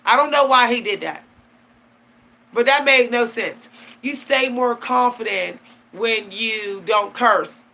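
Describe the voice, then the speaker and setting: Bright-voiced woman giving a slangy spiritual rant. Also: on the high side, slow pace. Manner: animated, laughing, slangy and emphatic. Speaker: channel host. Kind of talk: casual spiritual talk to camera.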